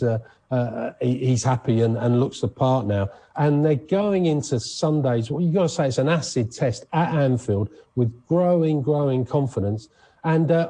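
A man's voice: medium pitch, husky. A man presenting sports news in a chatty, conversational way on radio. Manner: chatty, conversational, animated asides.

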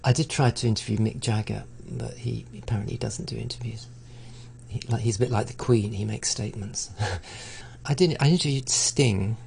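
A man's voice: medium pitch, fairly even intonation, moderate pace, vocal fry, a little mellow, a little hiss or hum. A middle-aged man in a conversational interview, talking reflectively with frequent restarts and stammered repeats. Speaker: interviewee, arts broadcaster.

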